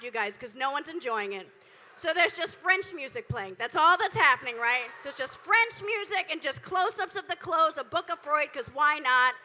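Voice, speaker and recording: A woman's voice: high-pitched, sharp tone. A woman doing a live stand-up set on a club stage into a handheld mic, telling stories with dry, profane asides to the crowd. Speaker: stand-up comedian. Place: comedy club stage, indoors.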